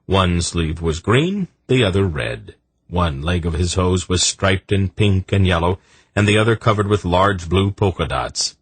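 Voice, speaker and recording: A man narrating an audiobook in a measured, expressive storytelling manner. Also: low voice, husky, no echo.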